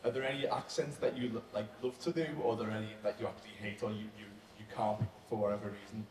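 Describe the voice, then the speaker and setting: A man's voice: on the low side, fairly even intonation, quick pace, darkish tone. A man from the audience asking a panel guest a question in a friendly, chatty way. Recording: echoey convention hall, faint noise.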